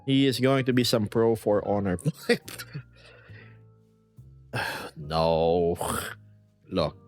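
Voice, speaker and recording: A man's voice: on the low side, animated, very slow, soft background music. A man from the United States chatting casually on a livestream, rambling playfully and reading chat messages aloud. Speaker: VRChat streamer.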